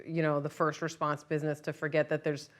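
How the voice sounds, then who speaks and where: Low-voiced woman interviewer. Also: completely flat delivery, fairly quick. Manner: sympathetic, conversational.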